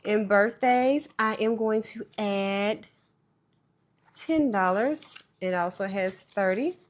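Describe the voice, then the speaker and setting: A woman's voice: medium pitch, takes it slowly. A woman casually talking viewers through stuffing cash into budget envelopes, chatty and self-deprecating. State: tearful, voice breaking. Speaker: budgeting vlogger.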